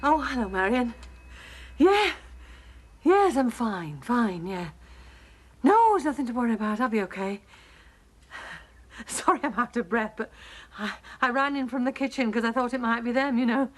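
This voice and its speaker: A fretful mother waiting for news, flustered and snappish. Her voice sits fairly high and jumps around a lot as she frets. It is 1980s television soap acting. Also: animated, normal speed, pauses often. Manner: flustered, fretful, short-tempered. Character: anxious mother waiting for a phone call.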